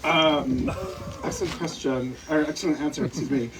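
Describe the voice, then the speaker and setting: A man's voice: a little high, steady tone, moderate pace. A man interviewing an author at a bookstore event, asking prepared questions with many "um"s. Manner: hesitant, many "um" and "uh", reads notes aloud. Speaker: interviewer, comic book artist. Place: bookstore event before an audience. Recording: distant mic with faint noise.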